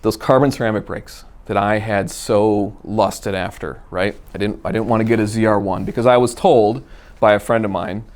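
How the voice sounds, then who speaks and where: A man telling a personal car story in a casual, animated way, acting out the dialogue. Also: lowish voice, moderate pace. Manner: animated, acts out quoted dialogue. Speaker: guest storyteller.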